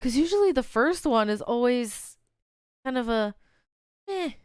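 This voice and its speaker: A woman with a high voice, reacting live to a fan game. She keeps exclaiming, laughing and sighing between remarks. The sound is dry and close, with no room around it. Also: animated, unhurried, clear, resonant tone, dry recording.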